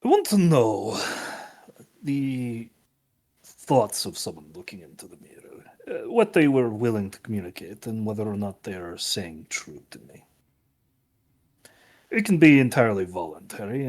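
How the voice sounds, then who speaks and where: A man playing his character in a tabletop game, wry and deliberate. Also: fairly low pitch, very animated, darkish tone. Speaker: player.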